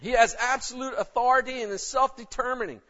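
A man's voice: extremely high pitch, fairly quick, sharp tone. A man preaching a sermon in an emphatic, conversational way. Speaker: pastor. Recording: dull lo-fi recording.

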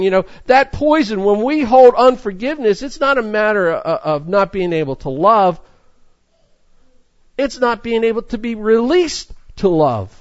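A man's voice: extremely high pitch, no room sound, lo-fi sound. A man preaching a sermon, reading scripture aloud in an earnest way with frequent restarts. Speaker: pastor.

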